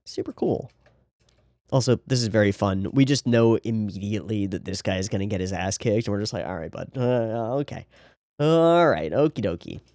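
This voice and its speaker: A man's voice: lowish voice, gravelly, darkish tone, dry recording, clean studio sound. A man hosting an anime reaction, talking through the episode in a casual, sarcastic way with rambling asides.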